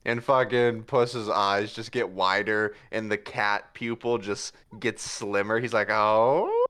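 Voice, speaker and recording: A man narrating a tabletop game as game master, animated and casual, laughing and swearing as he talks. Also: fairly low pitch, measured pace, clean tone.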